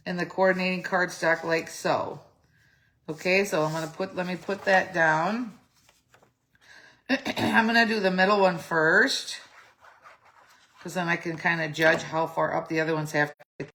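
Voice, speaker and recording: A middle-aged woman whose voice is fairly low and a bit bright demonstrates a craft project step by step. The tutorial is casual and chatty, with her thinking aloud, correcting herself and sounding slightly phlegmy.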